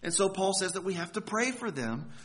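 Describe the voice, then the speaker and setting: A man's voice: sits high, very animated, fairly quick. A man preaching a sermon, earnest and emphatic, leaning hard on key words. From United States.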